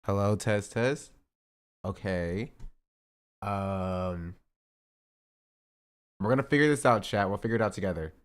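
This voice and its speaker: A man's voice: lowish voice, unhurried, long pauses. A male streamer chatting casually and joking with his chat while testing his audio setup. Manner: rambling, joking, testing his mic aloud.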